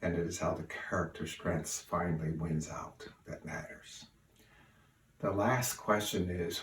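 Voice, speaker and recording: An older man sharing memories of his cousin in an unhurried, folksy way with plenty of fillers, recorded at home. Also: low voice, fairly even intonation. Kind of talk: spoken remembrance. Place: room at home. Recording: roomy, distant mic, faint hiss.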